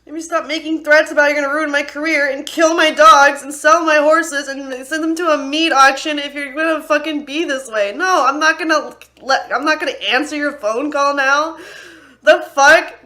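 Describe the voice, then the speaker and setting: A woman's voice: high voice, steady tone, moderate pace, pushed and bright. Furious young woman ranting on a livestream. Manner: angry, profane, venting. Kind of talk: unscripted livestream rant.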